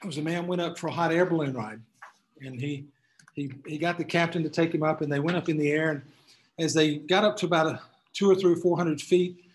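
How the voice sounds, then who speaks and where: A man's voice: fairly high pitch, fairly even intonation, brisk, slight background noise, low-quality recording. Conversational man lecturing a class. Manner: conversational, frequent restarts. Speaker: attorney giving a class talk. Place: room full of people.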